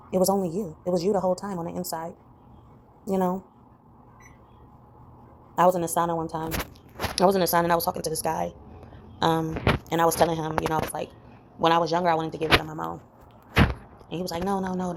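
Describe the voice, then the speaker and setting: A woman's voice: darkish tone, slight background noise. A woman talking reflectively in a personal vlog, rambling and full of "you know" fillers. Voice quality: gravelly low voice. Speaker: vlogger.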